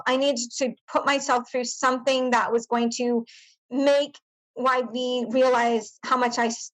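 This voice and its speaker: A woman with a slightly high voice talks through her own past as a podcast interview guest. She is earnest and searching, often restarting sentences and filling gaps with small verbal fillers. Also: fairly bright tone, low-quality recording. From United States. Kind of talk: personal storytelling in an interview.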